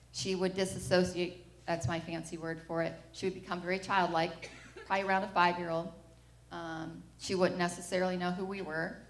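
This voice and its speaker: A woman's voice: on the low side, reverberant. A middle-aged mother giving a personal testimony at church, telling the story frankly and acting out what people said. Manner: candid storytelling, acting out the quoted lines. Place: church sanctuary.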